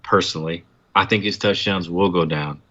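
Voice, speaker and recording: Deep bright lively man on a dull mic. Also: normal speed. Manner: defends his picks earnestly, hesitant starts. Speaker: podcast co-host. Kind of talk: casual banter about fantasy football.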